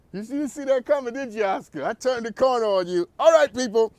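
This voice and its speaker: Man, talk show host, high voice, very lively, preachy, laughs a lot. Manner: animated, preachy, laughs often. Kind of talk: energetic commentary.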